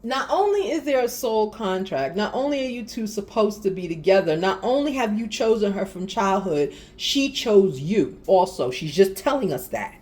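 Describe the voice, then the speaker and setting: A woman's voice: medium pitch, very animated, normal speed, few pauses, darkish tone. A woman doing a casual spiritual card reading, talking straight to viewers with laughs and exasperated asides. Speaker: tarot reader.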